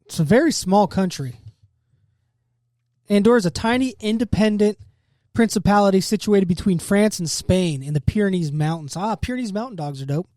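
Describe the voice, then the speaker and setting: A man's voice: sits high, moderate pace, warm tone, no echo, clean studio sound. A young man hosting a casual podcast, joking loosely and reading facts aloud. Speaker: podcast host. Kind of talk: casual chat.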